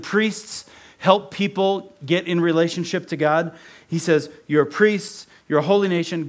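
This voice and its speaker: A man from Ohio preaching a sermon in a conversational way, often checking in with the congregation. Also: on the high side. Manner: conversational preaching with repeated "right?". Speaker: pastor.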